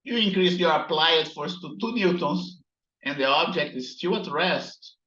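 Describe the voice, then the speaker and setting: A man gives a physics lecture at a slow, deliberate pace, stopping often to ask his students "right?" while he edits his slides. The recording sounds roomy and echoey, with a dull, muffled tone. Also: fairly high pitch, animated, sharp tone. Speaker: physics instructor.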